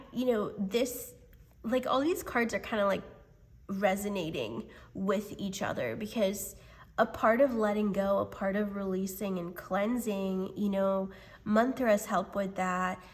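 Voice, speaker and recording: A woman giving an unscripted tarot reading in a gentle, hesitant way, with many pauses and fillers. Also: medium pitch. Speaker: tarot reader.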